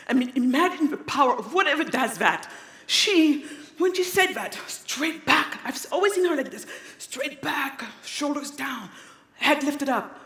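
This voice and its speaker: A woman's voice: sits high, expressive, a little slow, a bit bright. Emphatic woman speaking in an echoey hall. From Africa. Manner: emphatic, repeats key phrases. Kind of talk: inspirational conference talk. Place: large hall on stage. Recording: echoey hall, long reverb.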